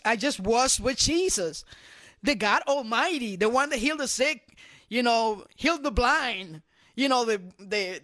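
A middle-aged man, a guest on a faith program, telling his personal testimony with animated, repetitive storytelling. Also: high voice, no echo.

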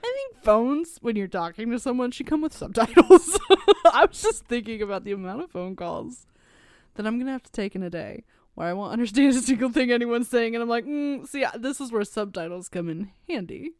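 A woman's voice: on the high side, expressive, a little fast, a little mellow, no echo, studio quality. A young woman co-hosting a podcast, joking and offhand in casual chat. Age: young adult. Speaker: podcast co-host.

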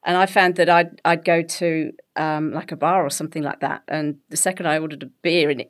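A middle-aged woman with an English accent talks as an interview guest, her voice sitting a little low. She tells her stories in an animated, conversational way and laughs easily. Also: fairly quick. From England. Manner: animated storytelling, laughs often.

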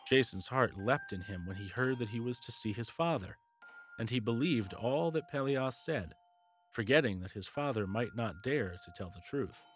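A man narrating a classic fairy tale as the host of a storytelling podcast, in a measured storyteller's delivery. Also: mid-range voice, animated, a little hiss or hum.

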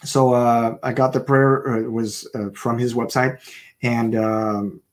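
A man co-hosts a Christian broadcast in a loose, informal way. He often stalls and starts his sentences over. His pitch is ordinary for a man. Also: flat delivery, a little slow. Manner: hesitant, many fillers and restarts. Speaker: co-host. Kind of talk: casual chat on a Christian broadcast.

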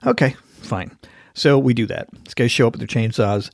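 A man hosting a podcast, telling a story in an animated, casual way and acting out the voices of the people in it. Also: mid-range voice, normal speed, gravelly, dry recording, clean studio sound. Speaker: podcast host.

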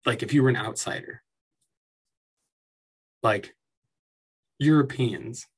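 A man delivers an angry, profane, sarcastic rant as commentary, full of mocking asides. His medium-pitched voice has a breathy edge, and he takes it slowly.

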